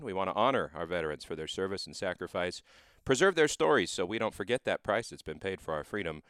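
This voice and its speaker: A man's voice: low-pitched, a bit bright, smooth, no room sound, clean studio sound. A man hosting a radio interview show, presenting in an earnest, folksy, upbeat way.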